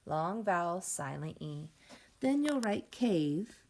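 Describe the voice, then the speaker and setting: Slow, gravelly-voiced phonics teacher woman. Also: lowish voice, big pitch swings, darkish tone, a little hiss or hum. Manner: slow, clearly segmented sounding-out of words; encouraging, addresses class as friends. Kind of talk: phonics lesson for young children.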